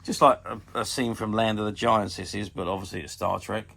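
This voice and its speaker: Man, fifties, husky rough voice, casual show-and-tell review, hesitant pauses. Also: fairly low pitch, fairly even intonation, sharp tone. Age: 50s. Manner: chatty and hesitant, often pausing with ums. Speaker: toy collectables dealer.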